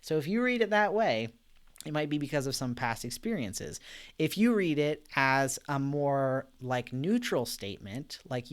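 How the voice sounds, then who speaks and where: In a relaxed, chatty live-streamed Bible study, a man speaks gently and reflectively, often using fillers, laughing softly, and reading viewer comments aloud. His voice sits on the high side, expressive and smooth, at a measured pace.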